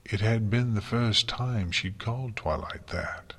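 A man narrating a fantasy story in a calm, steady audiobook reading. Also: on the low side, measured pace, slightly rough. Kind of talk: audiobook reading of fan fiction.

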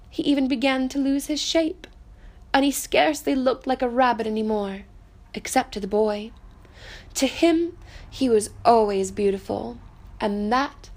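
A woman reading a children's storybook aloud in a gentle, soft, unhurried way. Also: fairly high pitch.

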